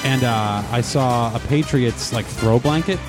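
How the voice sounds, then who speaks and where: A man's voice: medium pitch, a little slow, over music. A man co-hosting a podcast, joking about dating-profile clichés in casual banter.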